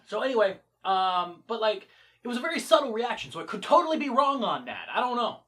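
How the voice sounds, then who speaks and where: A man's voice: very high-pitched, a little fast. A man casually retelling and reviewing a movie in a rambling way, full of fillers. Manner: rambling, filler-heavy, animated. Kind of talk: casual reaction vlog.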